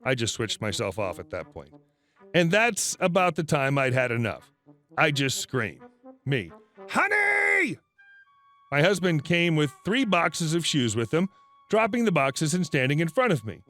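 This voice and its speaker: A man's voice: on the high side, very animated, moderate pace, a bit bright, soft background music. A man reading a first-person story aloud as a scripted narration.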